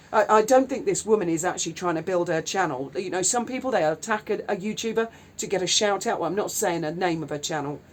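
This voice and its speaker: A woman's voice: medium pitch, husky. A woman, indignantly ranting and swearing in a vlog. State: widowed. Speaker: YouTuber. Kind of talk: angry vlog rant.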